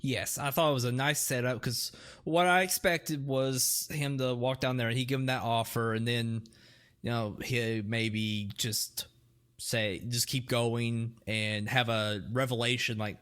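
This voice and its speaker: A man's voice: mid-range voice, steady tone, measured pace, fairly bright tone, clean tone. Rambling, jokey man reviewing movies. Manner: jokey, rambling, loses his train of thought. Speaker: podcast co-host. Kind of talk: casual movie review chat.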